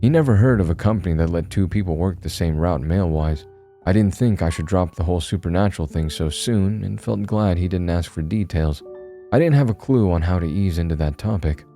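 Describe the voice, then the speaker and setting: A man giving a steady, measured scripted narration of a horror story. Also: low voice, faint music behind.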